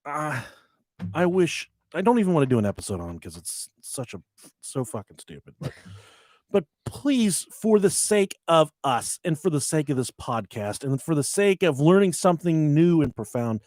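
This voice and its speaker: A man in his thirties hosting a podcast, telling a story in casual chat, swearing often and loudly acting out the lines he quotes. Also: fairly high pitch, normal speed, dry recording, studio quality. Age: 30s. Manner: profane, animated, acts out quotes loudly. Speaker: podcast host.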